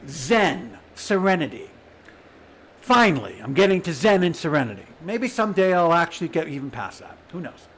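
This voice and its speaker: A man telling a raw personal story straight to his audience, swinging between quiet stretches and shouting as he voices the people around him. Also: sits high. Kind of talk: emotional personal monologue.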